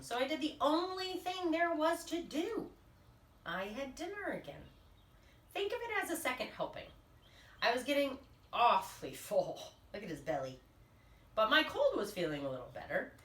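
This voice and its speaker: A woman's voice: mid-range voice, a bit bright, echoey room, recorded from a distance. A woman reading a picture book aloud to children in a playful, exaggerated storybook manner. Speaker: storytime reader.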